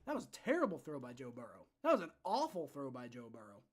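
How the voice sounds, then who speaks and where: A young man hosting a live fan reaction stream with play-by-play, frustrated and swearing, dropping to low mutters and rising to shouts. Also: huge pitch swings, fast talker, slightly rough. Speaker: livestream reaction host.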